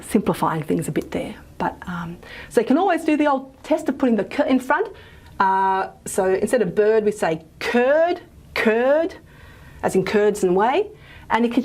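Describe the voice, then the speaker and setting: A woman with an Australian accent teaches a phonetics lecture. She talks in a loose, informal way, with plenty of fillers and self-corrections as she goes. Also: mid-range voice. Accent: Australian English. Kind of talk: recorded lecture.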